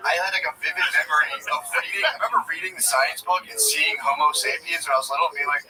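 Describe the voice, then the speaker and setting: A man's voice: high-pitched, fast, far from the mic, a crowd in the background, poor audio. A man in his thirties telling crude stories in casual chat, laughing often. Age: 30s.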